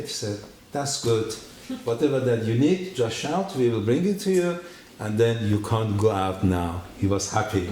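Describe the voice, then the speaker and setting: Guy telling his testimony in a church, voice jumps high when he quotes people, echoey hall, bit of hiss. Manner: animated storytelling, acting out quotes with big pitch jumps. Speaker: guest giving a testimony. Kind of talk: personal testimony story.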